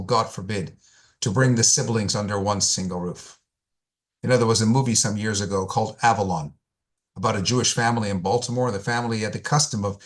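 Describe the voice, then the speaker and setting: A male rabbi delivering a sermon, telling stories with emphatic repetition and deliberate pauses. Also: lowish voice, fairly bright tone.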